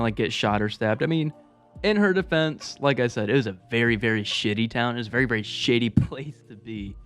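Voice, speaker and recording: A man's voice: mid-range voice, fast, a bit bright, faint music behind. A man telling a personal story to his viewers in a casual, laid-back, profane way, with chuckling asides. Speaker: storytelling vlogger.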